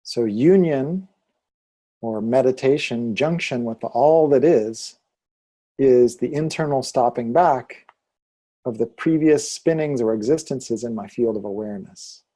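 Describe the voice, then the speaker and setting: A man with a medium-pitched voice teaches yoga philosophy and Sanskrit pronunciation calmly and deliberately. He speaks slowly, leading students in call-and-repeat chanting.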